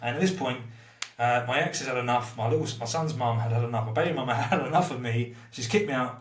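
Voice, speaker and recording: A man's voice: mid-range voice, fast talker. A man guesting on a podcast, telling his story bluntly and candidly, swearing freely and mocking himself. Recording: roomy, slightly distant mic.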